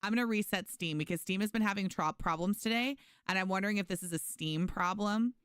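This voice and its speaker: A young woman talks fast in a mid-range, clean-toned voice during a casual gaming livestream. Chatty and animated, she reads out the chat and thanks her viewers. The recording is dry and studio quality.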